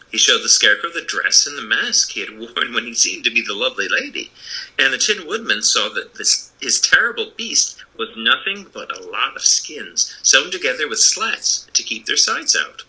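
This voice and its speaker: A man's voice: mid-range voice, sharp tone, low-quality recording. An American man, a literary scholar, reading a storybook chapter aloud expressively, with occasional slips. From United States.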